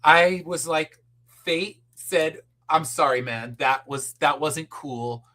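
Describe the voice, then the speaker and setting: A man's voice: fairly high pitch, takes it slowly, pushed and bright. A middle-aged man, a podcast guest, telling a story in casual chat and acting out the people he quotes, with casual swearing.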